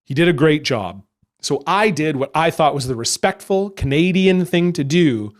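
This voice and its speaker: Young guy doing stand-up, kinda high voice, animated storytelling bits. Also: moderate pace. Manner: animated storytelling, acts out other people in quotes. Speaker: stand-up comedian. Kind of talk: stand-up comedy set.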